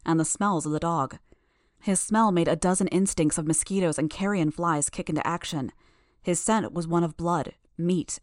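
Woman narrator, lowish voice, dry close mic, steady first-person storytelling. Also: no room sound. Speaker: audiobook narrator.

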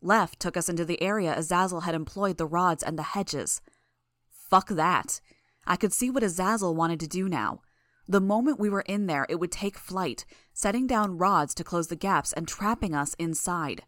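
A woman's voice: fairly low pitch, normal speed, no room sound, studio quality. Woman narrating a tense first-person story. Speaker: audiobook narrator.

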